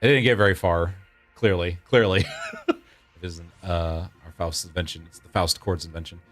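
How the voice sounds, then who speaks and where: A man in his thirties with a fairly low voice chats loosely with his viewers during a game stream. He laughs easily and restarts his sentences as he thinks aloud. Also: fairly even intonation, normal speed, soft background music. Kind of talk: casual gameplay chat with viewers.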